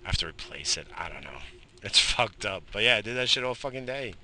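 A man in his thirties hosts a morning show in a low but very bright, sharp-edged voice. He rants with lots of swearing and stops for coughs and sighs. He talks outdoors while smoking in the morning. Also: quick pace, a little hiss or hum. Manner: profane, animated ranting with frequent coughs and sighs. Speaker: host of a morning radio show. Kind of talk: casual rambling monologue.

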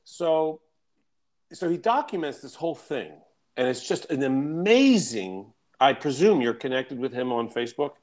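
Brief: male coach, mid-pitch, lively profane storyteller, loose and chatty. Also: measured pace. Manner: animated, profane, lots of "you know" and "like". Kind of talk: casual podcast storytelling.

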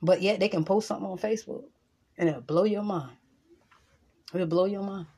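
A woman talking to camera in a fiery, preachy vlog monologue. Her voice has a husky edge, and she hammers her points by repeating them, with plenty of swearing. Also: mid-range voice, normal speed, mellow. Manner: emphatic, preachy, profane; repeats lines for emphasis. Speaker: vlogger.

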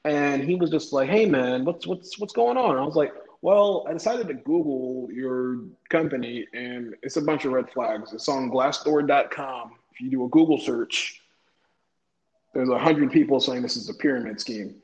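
A man's voice: mid-range voice, moderate pace. Laid-back young man in an echoey room. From North Carolina. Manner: laid-back, laughing, acts out quoted voices. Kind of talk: casual storytelling chat. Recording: echoey room, dull lo-fi sound.

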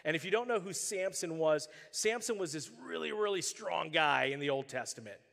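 A man's voice: on the high side, normal speed, gravelly, big-room sound. A male pastor preaching a sermon, telling stories with animation and acting out the characters' voices. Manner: animated storytelling, acts out voices.

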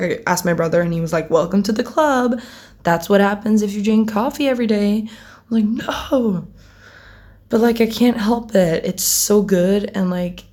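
A woman's voice: on the low side, warm tone. A teenage girl chatting casually to camera as a vlogger, rambling, giggling often and swearing offhandedly. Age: teens.

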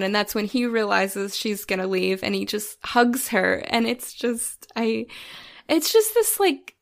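A woman's voice: medium pitch, animated, measured pace, vocal fry, a bit bright. A woman co-hosting a podcast, chatting about a film with gushing emotion, tearful at times and full of restarts and fillers. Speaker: podcast co-host. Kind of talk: casual film discussion.

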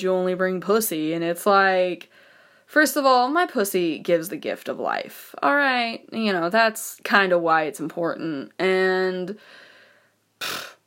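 Blunt, profane woman ranting casually. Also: medium pitch. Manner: blunt, profane, animated, laughing often. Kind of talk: casual rant.

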